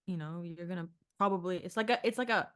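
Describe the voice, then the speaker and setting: A woman's voice: on the low side, quick pace, fairly bright tone, clear, resonant tone, dry recording, clean studio sound. A woman guest on a casual film podcast, thinking aloud and trailing off into questions.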